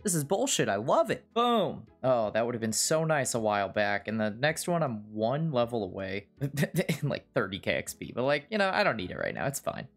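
A man's voice: mid-range voice, sing-song, normal speed, faint music behind. A man giving casual, self-mocking gameplay commentary at his computer, sarcastic and swearing often. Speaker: video game streamer.

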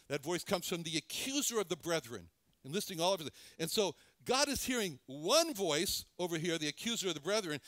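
A man preaching a sermon in an earnest, halting way, often restarting and repeating words. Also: high-pitched, a bit bright, dry recording. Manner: earnest, lingers on phrases.

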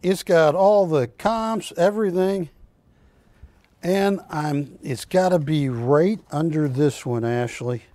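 Male shopping channel host, slow and rambling, anecdotal, dry close studio sound. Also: fairly high pitch, warm tone, no room sound. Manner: rambling anecdotal storytelling, self-correcting. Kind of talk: live TV sales presentation.

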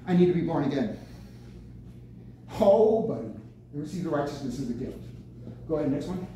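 A man preaching a lively sermon at a senior center, bursting out with excited exclamations. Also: on the high side, a little fast, pauses often. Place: senior center meeting room. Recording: very echoey room, mic from far off, faint noise.

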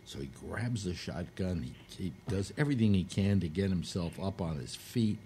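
A man with a warm, low-pitched voice hosts a casual radio talk show at a moderate pace, with a little hiss or hum in the background. He tells a long, crude joke, acting out the quoted lines as he goes.

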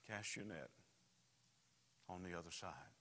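A man voicing a calm, patient figure giving quiet, steady instructions. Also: lowish voice, brisk. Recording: reverberant church hall.

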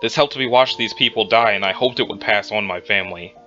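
A man playing a calm male witness quietly recounting his dealings with a monster in a measured voice. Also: fairly low pitch, lo-fi sound, faint music behind, voice pushed down.

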